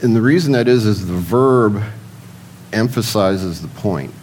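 In a low-quality recording with slight background noise, a preacher with a fairly low, darkish voice speaks animatedly but a little slowly. He poses rhetorical questions, answers them himself, and addresses the men listening directly in a conversational style.

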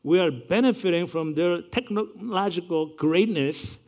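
Man, sixties, earnest storyteller, slightly high voice, measured delivery. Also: darkish tone. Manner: earnest, measured recounting with occasional restarts. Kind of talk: personal storytelling.

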